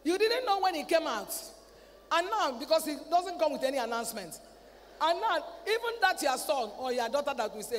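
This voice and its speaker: A woman preaching a sermon at a convention. She talks in a lively way, acts out family dialogue and repeats words. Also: sits high, brisk. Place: large convention hall. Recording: reverberant hall, faint ambient noise.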